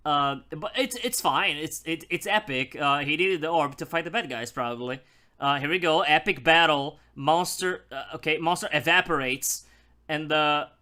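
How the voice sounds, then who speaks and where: A man giving casual commentary as a gaming YouTuber, halting and stammering in a sheepish way. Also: on the high side, sharp tone.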